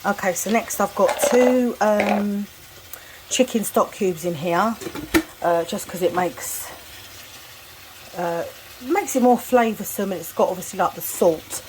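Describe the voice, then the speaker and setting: In her home kitchen, a woman vlogger with a medium-pitched voice talks at a measured pace, casually narrating each step of her cooking and laughing at herself along the way. The recording picks up clattering dishes and cutlery behind her.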